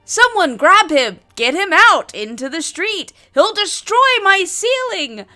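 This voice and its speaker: A woman voicing a flustered male dwarf potion maker who shouts at customers. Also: on the high side, very animated, normal speed, soft background music. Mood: panicked shouting. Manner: shouting, exasperated.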